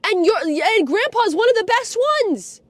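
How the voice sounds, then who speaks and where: A woman with a strikingly high, piercing voice launches into a foul-mouthed rant, swinging between storytelling and angry shouting. Her voice sits dry and close to the mic, with no room sound around it. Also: lively intonation, moderate pace, dry recording. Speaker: guest on a live stream. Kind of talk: profane ranting rant-story.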